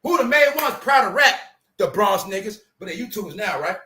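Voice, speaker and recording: A high-pitched, expressive man with a New York accent, from Brooklyn, rants briskly in a sharp tone as a YouTube commentator. His solo commentary is full of profanity and emphasis, and he keeps up a repetitive call-and-response, affirming his own points with "that's right."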